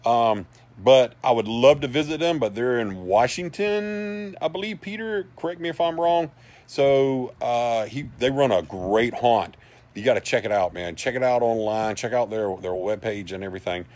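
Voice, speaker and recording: A man's voice: mid-range voice, moderate pace, darkish tone. A man hosting a livestream, rambling through a story in a folksy way and reading out viewer comments. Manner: rambling and folksy, with many asides. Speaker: livestream host for a paranormal society.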